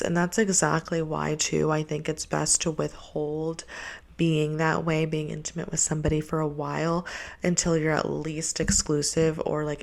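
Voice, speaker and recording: Young female host, low gravelly voice, blunt and profane, casual advice rant. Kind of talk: casual relationship-advice monologue.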